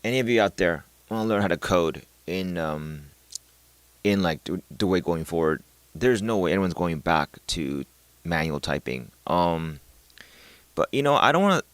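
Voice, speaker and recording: A man with a very low voice talks unscripted, thinking aloud as he goes, full of fillers, restarts and the odd casual swear word. The room sounds dead, with no echo. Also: expressive, normal speed, fairly bright tone. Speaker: vlogger.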